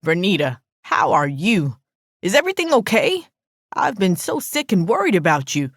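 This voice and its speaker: A man's voice: sits high, wildly swooping pitch, moderate pace, fairly bright tone, dry recording, studio quality, heavily acted. A narrator doing a fretful apologetic neighbor man. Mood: worried. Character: anxious, apologetic older male neighbor.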